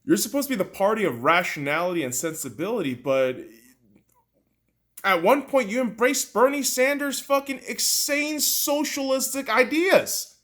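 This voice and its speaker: A man hosting a podcast, delivering a heated, profane, mocking political rant that swings from loud outbursts to low muttering. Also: animated, normal speed. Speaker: podcast host.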